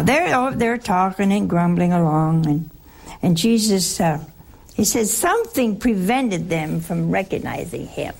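Lady preaching slow and chatty, keeps asking the crowd stuff, voice kinda gravelly. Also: mid-range voice, darkish tone, slight background noise. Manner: teasing rhetorical questions to the audience. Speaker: Bible teacher. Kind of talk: conversational sermon.

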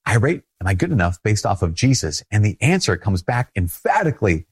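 A man with a Minnesotan accent giving an earnest, conversational sermon as a Catholic priest, often repeating phrases and laughing softly. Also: fairly low pitch, big pitch swings, fairly quick, slightly rough.

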